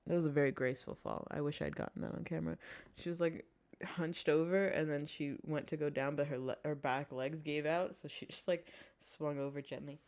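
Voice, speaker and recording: A woman's voice: deep voice, steady tone, fairly quick, darkish tone. A woman hosting her vlog from her desk at home, chatting in a rambling, casual way, swearing and laughing often. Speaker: vlog host.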